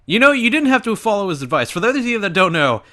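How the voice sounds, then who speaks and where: A man's voice: high voice, sing-song, fast talker, pushed and bright, soft background music. A young man hosting a gaming channel, giving rambling, self-mocking commentary over an old video of himself.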